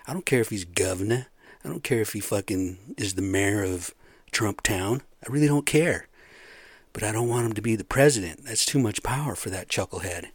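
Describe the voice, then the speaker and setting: A man's voice: fairly low pitch, breathy edge, no echo. A middle-aged man giving a blunt, profane, rambling solo rant in casual talk. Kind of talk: casual monologue.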